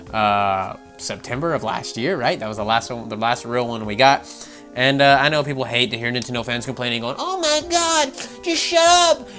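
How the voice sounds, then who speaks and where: A man's voice: mid-range voice, a bit bright. A man giving casual, sarcastic commentary on gaming news, swearing freely and laughing often.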